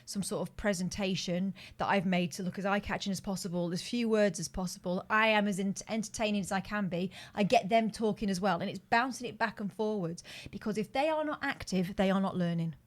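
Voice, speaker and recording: A woman's voice: mid-range voice, fairly quick, hardly any pauses. A woman, a teacher, co-hosting a casual podcast chat, explaining things earnestly and pushing back when she is teased.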